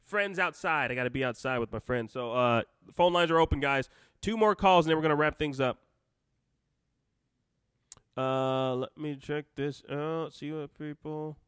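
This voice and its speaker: A man's voice: a little high, moderate pace, fairly bright tone, clear, resonant tone, dry recording, studio quality. A man hosting a live stream, reading out comments and taking calls, rambling and cutting himself off with joking asides.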